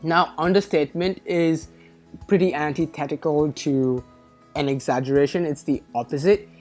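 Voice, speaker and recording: Low-voiced woman tutoring test prep. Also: fairly even intonation, moderate pace, darkish tone, faint music behind. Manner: methodical, self-correcting, lightly wry. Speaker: SAT tutor. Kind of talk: explanatory lesson.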